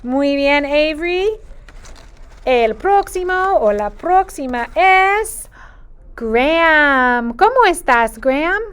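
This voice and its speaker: A woman's voice: high-pitched, expressive, fairly bright tone. A woman teaching a Spanish lesson to preschool children in a sing-song, patient teacher voice, drawing out her phrases. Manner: slow, clear and patient. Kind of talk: video lesson for young children.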